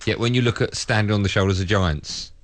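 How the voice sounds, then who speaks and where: A man hosting a live radio talk show, pressing his guest with quick questions. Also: lowish voice, dry recording.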